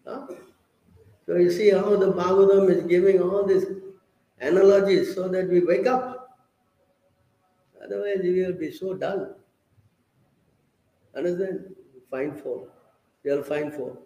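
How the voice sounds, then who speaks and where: Emphatic preacher guy, bit high voice, keeps asking "understand?", echoey temple hall. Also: warm tone. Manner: emphatic, questioning, repeats "understand?". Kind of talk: scripture class with audience questions.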